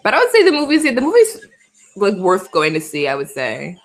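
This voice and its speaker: A woman's voice: mid-range voice, wildly swooping pitch, a little fast. Bronx girl in her 20s, slight new york accent, giggly live stream chat, voice jumps all over, faint music in back. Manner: chatty, laughs often, reads viewer comments. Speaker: livestream host.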